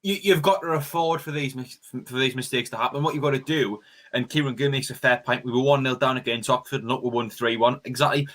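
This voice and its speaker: Man, fast talker, co-host reading comments, casual. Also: medium pitch. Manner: relaxed, filler-heavy. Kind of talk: casual fan chat.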